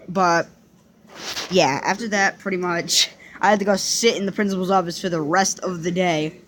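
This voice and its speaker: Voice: medium pitch, steady tone, moderate pace, a bit bright. Young vlogger telling a story, super casual, lots of restarts and "like", swears here and there. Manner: rambling, with frequent restarts and fillers.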